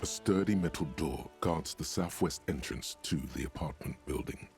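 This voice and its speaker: A man voicing a dry, wry narrator in a video game, with a deep, gravelly, husky voice and a measured delivery. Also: a little mellow, soft background music. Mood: descriptive.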